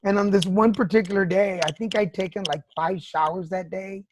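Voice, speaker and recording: A woman's voice: medium pitch, fairly even intonation, fairly quick, noisy background. A woman hosting a podcast, telling personal stories frankly with swearing and laughter. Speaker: podcast host. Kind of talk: candid casual chat.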